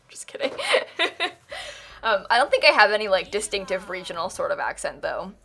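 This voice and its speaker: A woman's voice: medium pitch, sing-song, moderate pace, gravelly, pushed and bright. A young woman from Florida with a General American accent, chatting casually with viewers on a live stream, giggling often and filling with ums and likes. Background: faint music.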